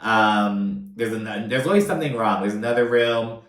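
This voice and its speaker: A man's voice: lowish voice, moderate pace. Chatty profane man in a roomy space. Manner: chatty, profane, filler-heavy. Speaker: reality TV recap host. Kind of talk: casual commentary. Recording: roomy echo.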